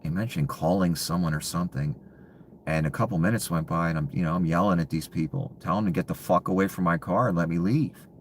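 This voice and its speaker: A man in a bitter, profane ranting monologue, full of contempt and often sinking to low hushed muttering. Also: fast talker, a little hiss or hum.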